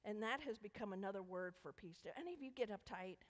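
A fast-talking woman with a mid-range voice gives the children's message in a church sanctuary, drawing the kids in with playful questions. The sound bounces around the echoey church hall.

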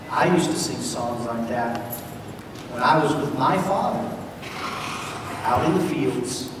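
Man storyteller, slightly high voice, heard far off in a ringing church hall with hiss behind. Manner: speaks directly to the children, building suspense. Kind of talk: first-person dramatic monologue for children. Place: large church sanctuary. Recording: echoey church hall, distant mic, background noise.

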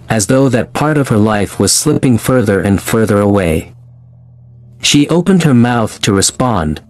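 A man narrating a scripted horror story in a measured, dramatic way. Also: on the low side, darkish tone. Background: faint music.

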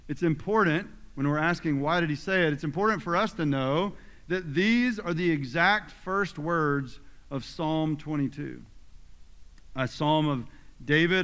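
A man's voice: a little high, a bit bright. A male pastor delivering a sermon, reading scripture with emphatic, dramatic force. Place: church sanctuary. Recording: long reverb of a church hall.

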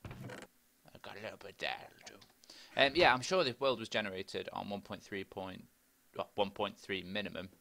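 A man's voice: fairly low pitch, moderate pace, creaky, bright, forceful tone. A young man chatting and rambling to himself as he plays Minecraft. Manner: chatty, rambling, talks to himself while playing. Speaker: gaming video host. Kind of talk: casual Minecraft let's play commentary.

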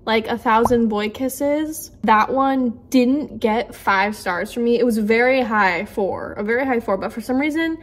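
A woman's voice: fairly high pitch, measured pace, hardly any pauses, background noise. Gushing young woman in a chatty book vlog. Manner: gushing, emotional, chatty with many fillers. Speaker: book vlogger. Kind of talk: casual reading vlog.

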